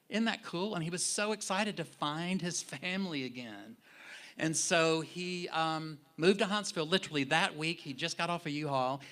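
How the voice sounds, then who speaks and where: Male minister, bright voice, chatty sermon storytelling in a church sanctuary. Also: on the high side. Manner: warm conversational storyteller, animated in retellings.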